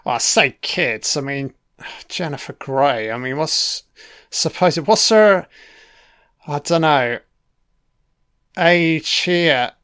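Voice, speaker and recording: Laid-back man, slow and crisp. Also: fairly high pitch, expressive, fairly bright tone, no room sound, clean studio sound. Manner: laid-back, swearing, talks back to characters on screen. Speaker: film commentator. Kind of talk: casual audio commentary over a film.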